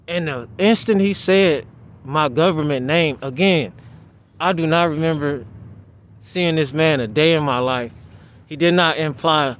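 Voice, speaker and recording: Brief: man vlogger, rambling outdoor storytelling, slightly high voice, dull lo-fi sound with faint traffic. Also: measured pace. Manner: rambling, restarts, animated retelling. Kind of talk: casual storytelling monologue.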